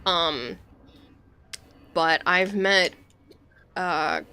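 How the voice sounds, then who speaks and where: A woman's voice: fairly low pitch, lively intonation, drawn-out words, pushed and bright, slight background noise. A young adult woman streaming, telling stories in a chatty way and laughing often. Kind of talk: casual gaming stream chat.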